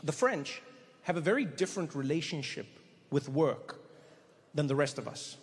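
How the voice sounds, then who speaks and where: A man doing stand-up storytelling on stage into a handheld mic, animated and breaking into quick voices for the people in his stories. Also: on the high side, big-room sound, a little hiss or hum. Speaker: stand-up comedian.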